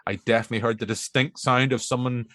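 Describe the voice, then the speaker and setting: A man's voice: mid-range voice, fairly even intonation, quick pace, a bit bright, no echo, clean studio sound. A middle-aged man with a Northern Irish accent hosting a film podcast, chatting in a rambling, self-mocking way. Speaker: podcast host. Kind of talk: casual chat.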